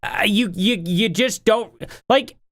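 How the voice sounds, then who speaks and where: A man's voice: high voice, slow pace, a bit bright. A man giving rambling, opinionated commentary in a casual style, often sounding incredulous. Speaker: online commentary streamer.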